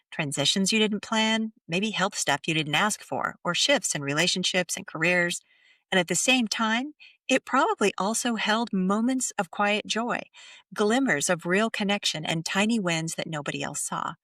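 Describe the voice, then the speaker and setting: A middle-aged woman hosting a podcast, speaking softly and slowly as she leads a gentle guided reflection, sometimes near a whisper. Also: on the low side, dry recording, clean studio sound, far from the mic. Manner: soft, slow and soothing, drops to near whispers. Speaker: podcast host.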